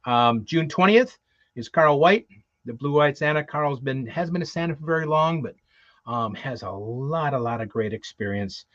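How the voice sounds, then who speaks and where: A man's voice: on the high side, animated, moderate pace, fairly bright tone, no room sound. Rambling man co-hosting, dull lo-fi sound. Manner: rambling, many fillers and restarts. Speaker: co-host. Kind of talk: casual show chat, previewing guests. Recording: dull lo-fi, dry.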